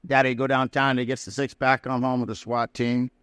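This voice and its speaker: Man, recovery speaker. Plain-spoken, folksy storyteller with a smooth, resonant voice. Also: mid-range voice, little pitch movement, a little fast, fairly bright tone, dry recording. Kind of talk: personal recovery story told to a live audience. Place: prison hall.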